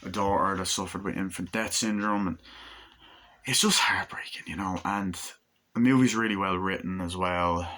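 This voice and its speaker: Young male reviewer, casual, enthusiastic and profane, crisp forward tone. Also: low voice, pushed and bright. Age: 20s. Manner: rambling, enthusiastic, swears freely, many fillers. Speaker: movie reviewer.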